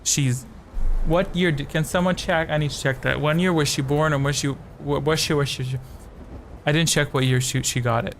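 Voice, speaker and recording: A man hosting a live-stream quiz game speaks at a moderate pace in a slightly high voice with fairly even intonation. He rambles chattily between questions, tossing in jokey asides, and the audio carries a little hiss or hum.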